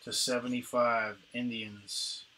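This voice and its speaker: A man's voice: medium pitch, poor audio. A man hosting a card break, casually opening packs and reading out player names and teams. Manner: relaxed, reads out names and teams in a quick list.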